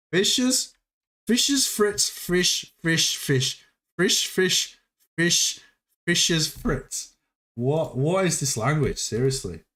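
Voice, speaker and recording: A man hosting a casual livestream, playful and quick to exclaim and laugh. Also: fairly high pitch, animated, pushed and bright. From United Kingdom. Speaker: livestream host.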